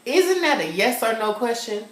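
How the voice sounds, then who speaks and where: A young man from California talks in a sassy, animated way, slipping into the characters as he recaps. His delivery is casual, like a chat with friends. The room around him rings with a noticeable echo. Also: very high voice, normal speed. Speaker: TV show reviewer. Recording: roomy echo.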